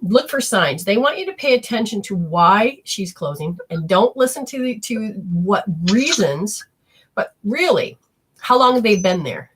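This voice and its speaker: A woman hosting a live call-in spiritual reading, effusive and prone to high excited exclamations. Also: a little slow, breathy edge. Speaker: spiritual reader and show host.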